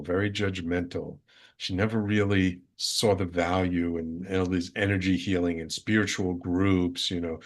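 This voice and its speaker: A man with a slightly low voice tells a personal story on his radio show. He is earnest and reflective, often repeating phrases to drive a point home.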